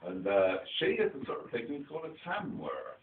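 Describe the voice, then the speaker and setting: A man's voice: mid-range voice, huge pitch swings, moderate pace, slight background noise. Playful storyteller man with a rural English dialect. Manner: chatty, playful, quizzes the children. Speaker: children's theatre performer. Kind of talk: storytelling to a young audience. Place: children's theatre show. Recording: distant echoey phone-like recording.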